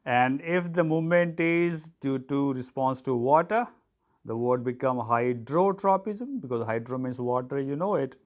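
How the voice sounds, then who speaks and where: A man's voice: medium pitch, expressive, measured pace. A man teaching an online biology lesson, dictating terms for students to write down and spelling them out.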